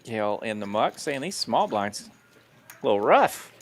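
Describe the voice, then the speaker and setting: A man's voice: fairly low pitch, big pitch swings, moderate pace. A man calling live poker play-by-play in an upbeat manner, laughing easily. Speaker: poker commentator.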